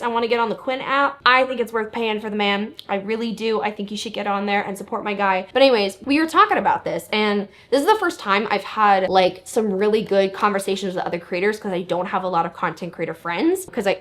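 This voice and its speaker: Young woman talking to camera, candid and sweary, goes off on tangents, average pitch, close mic at home. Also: fairly bright tone. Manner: chatty, candid, swears freely, rambles off topic. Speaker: lifestyle vlogger. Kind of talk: casual chat to camera. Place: indoors at home, getting ready. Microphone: studio mic near camera.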